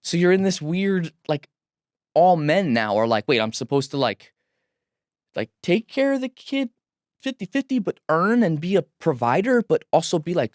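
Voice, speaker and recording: A man's voice: a little high, dry recording. A man in his thirties from Long Island, a musician guest, talking candidly in a studio, emphatic and restless with many restarts. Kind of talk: casual candid conversation.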